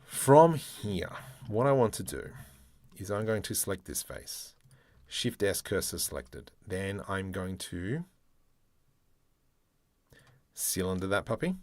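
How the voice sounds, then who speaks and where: A man with a lowish voice talks slowly through a screen-recorded modeling tutorial, thinking aloud as he goes. He mutters keyboard shortcuts and lets out playful little exclamations at his own mistakes. The sound is dry and close. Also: big pitch swings, a little mellow, no room sound. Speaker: 3D artist demonstrating modeling.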